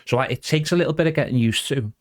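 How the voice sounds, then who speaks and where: A man's voice: mid-range voice, racing, dry recording, studio quality. A middle-aged man chatting as a podcast guest, rambling casually and calling the host "mate". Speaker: guest impressionist.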